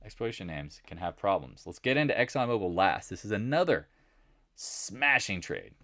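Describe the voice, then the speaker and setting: Animated, jokey male market host. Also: fairly low pitch, fast, no echo, clean studio sound. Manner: animated, jokey, mimics imagined viewers and accents. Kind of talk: casual live market commentary.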